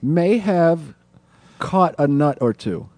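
A young man telling a story as a guest in a casual podcast chat, halting and full of fillers, mocking himself. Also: a little high, expressive, a little mellow, dry recording.

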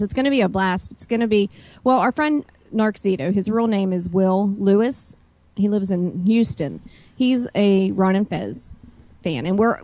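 Chatty woman calling in, mellow voice. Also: medium pitch, no echo. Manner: chatty, explains at length. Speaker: caller guest. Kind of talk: casual chat. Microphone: computer call mic. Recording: over a video call line.

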